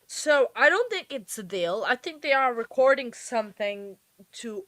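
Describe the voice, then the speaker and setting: A woman's voice: a little high, lively intonation, normal speed, pushed and bright, no room sound. A woman hosting a live stream in a casual, chatty way, often laughing and talking straight to her viewers. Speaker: livestream host.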